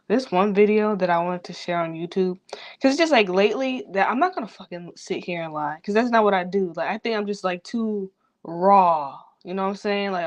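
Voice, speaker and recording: Rambling, cursing woman. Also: medium pitch. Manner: rambling, profane, loose and unfiltered. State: grieving. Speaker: vlogger. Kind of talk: rambling personal vlog.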